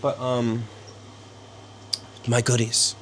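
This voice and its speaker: A young man vlogging casually from his bedroom, rambling and halting with many fillers. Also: medium pitch, completely flat delivery, fairly bright tone, a little hiss or hum. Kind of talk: casual self-interview. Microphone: small handheld camera.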